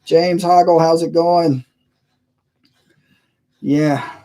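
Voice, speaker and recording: A man's voice: on the high side, fairly even intonation, drawn-out words, dark tone. A man hosting a casual live stream from his computer, rambling and chuckling as he reads viewers' messages aloud. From United States. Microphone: cheap webcam mic.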